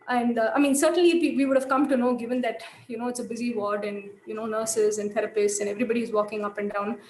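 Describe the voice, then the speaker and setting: A woman's voice: fairly high pitch, roomy sound, a little hiss or hum, poor audio. A woman giving a lecture, telling a case story thoughtfully with many fillers and restarts.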